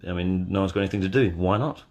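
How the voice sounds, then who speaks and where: A man hosting a casual live watch party from bed, answering chat questions in a deadpan, joking way. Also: deep voice, fast. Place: in bed at home. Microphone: phone.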